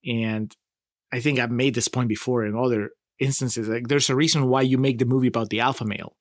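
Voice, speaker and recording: A man co-hosting a casual film review podcast, talking in an animated way, laughing often and swearing freely. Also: medium pitch, a little fast, dry recording, studio quality. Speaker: podcast co-host.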